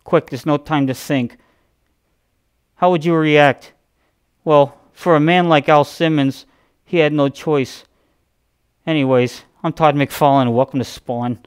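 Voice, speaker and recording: A man's voice: fairly high pitch, steady tone, measured pace, pauses often, clean tone, natural voice. A man doing a lisping, awkward comic creator. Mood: melodramatic. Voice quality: lisp. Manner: melodramatic announcer cadence with urgent rhetorical questions. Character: awkward lisping male comic creator hosting dramatic intros. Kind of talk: mock TV-intro impression.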